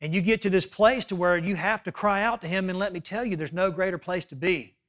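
Speaking briskly in a high-sitting voice, a male pastor preaches emphatically. He shifts between hushed asides and loud appeals, often pausing to ask "okay?".

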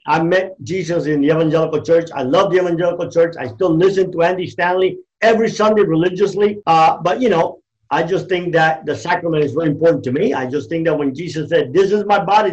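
A man's voice: fairly high pitch, lo-fi sound. A middle-aged man talking in a fervent, preachy, emphatic way, loose and conversational. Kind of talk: passionate conversational talk.

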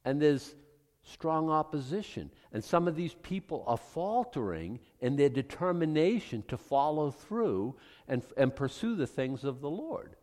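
A man preaching a sermon as pastor, animated, swinging from hushed asides to loud exclamations. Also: on the high side, a little slow, long reverb tail.

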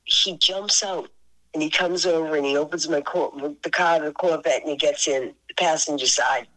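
Older woman guest, low-pitched, animated anecdote teller who laughs often, on a radio-style recording. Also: moderate pace, rough recording. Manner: animated, laughing often, voices her friend's lines. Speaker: podcast guest, singer. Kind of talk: casual storytelling interview.

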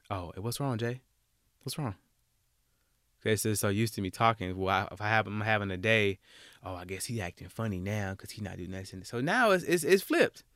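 A young man from Alabama, hosting a solo podcast and talking bluntly, getting animated and repeating words when worked up. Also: on the low side, clean tone, dry recording, studio quality. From Alabama, US South. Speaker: podcast host.

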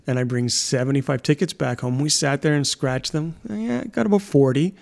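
A man's voice: on the high side, moderate pace, gravelly. A middle-aged man telling family anecdotes in casual chat, a rambling storyteller who laughs often. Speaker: podcast co-host and father.

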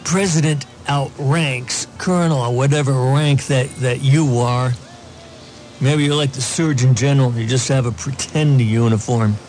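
A man's voice: medium pitch, steady tone, a little slow, darkish tone, soft background music. A man giving casual political commentary, reading news aloud with sarcastic asides and plenty of ums. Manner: sarcastic asides, many fillers.

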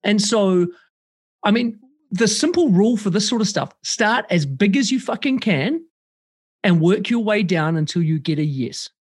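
A man chatting casually as a podcast guest over a remote call, animated and swearing freely, acting out quoted voices. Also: high-pitched, moderate pace, slightly rough.

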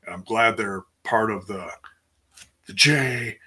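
A man chatting casually through a wrestling show recap, rambling, restarting sentences and putting on higher voices for quotes. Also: slow, bright, forceful tone, breathy edge. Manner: rambling and self-interrupting, acts out quotes in a higher voice.

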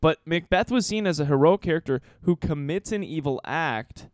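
A man's voice: on the high side, lively intonation, normal speed, no echo, clean studio sound. A man co-hosting a podcast, retelling a play in a loose, swearing, laughing way with plenty of ums. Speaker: podcast co-host telling the story. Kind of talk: casual chat.

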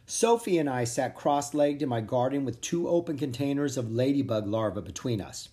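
An expressive narrator reading a children's chapter book aloud. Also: medium pitch, normal speed, few pauses. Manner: expressive, animated storytelling. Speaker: audiobook narrator.

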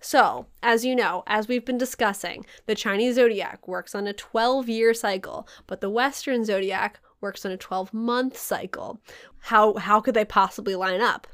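A woman hosting a podcast in casual chat, telling stories with swearing and big jumps in pitch when excited. Her throat is a little sore. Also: moderate pace. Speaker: podcast host.

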